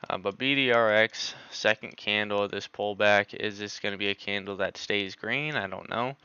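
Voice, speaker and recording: A man's voice: on the low side, normal speed, sharp tone, clean tone, no room sound, lo-fi sound. A man doing live stock market analysis on a stream, thinking aloud with many filler words.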